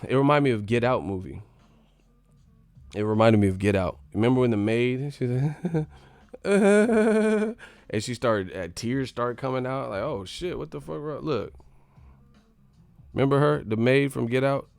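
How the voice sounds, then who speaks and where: A young adult man hosting a boxing live stream, ranting in an animated, profane, rambling way. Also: medium pitch, normal speed, gravelly, no room sound, soft background music. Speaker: boxing channel host.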